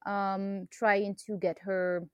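A young woman co-hosting a casual book podcast, unhurried and hesitant, with many ums. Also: mid-range voice, level tone, clear, resonant tone, dry recording. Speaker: podcast co-host.

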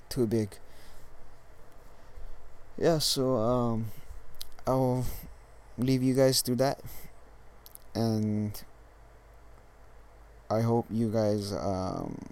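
A man's voice: on the low side, a little mellow. Laid-back man with a Californian accent. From Hawaii. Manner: laid-back, profane, halting with many restarts. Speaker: dating coach vlogger. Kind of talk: casual vlog monologue.

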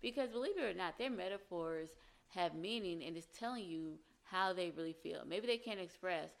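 Woman, lowish voice, casual relationship advice, earnest, acts out example lines. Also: lively intonation, moderate pace, vocal fry. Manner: earnest, explains with acted-out example phrases.

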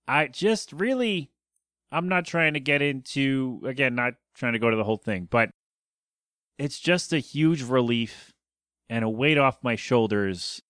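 A podcast host chatting casually on his own show, rambling and self-deprecating, often stopping to restart a thought. His voice is smooth and clear at a middle pitch. The recording is dry and close, with no room sound. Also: fairly bright tone, no echo. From United States. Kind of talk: casual solo podcast talk.

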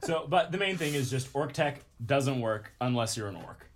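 A man co-hosting a relaxed conversation in a teasing, playful way, moving the talk along between topics. His voice sits at an ordinary middle pitch, with a faint hiss of noise behind it. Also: moderate pace. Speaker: podcast co-host. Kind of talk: casual chat.

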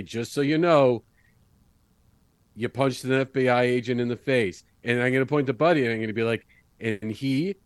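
Rich: A tough FBI agent who makes blunt threats and won't be pushed around, as a man plays him at a tabletop game. His voice is mid-pitched and sounds dry and close to the mic, with no room around it. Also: dry recording, lightly acted. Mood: threatening. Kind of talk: in-character role-play.

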